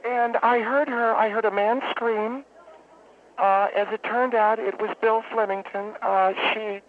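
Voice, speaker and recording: A man playing a rambling, deadpan woman football fan phoning in to a comic radio bit. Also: sits high, voice pushed up. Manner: rambling, deadpan, halting with fillers. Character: woman caller, brawling football fan, middle-aged. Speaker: caller. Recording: tinny phone line, faint hiss.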